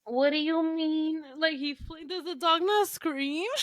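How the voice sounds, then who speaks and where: A woman's voice: high-pitched, steady tone, slow, a bit bright, no room sound, clean studio sound. A woman co-hosting a podcast in casual chat, teasing and joking with frequent laughs. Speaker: podcast co-host.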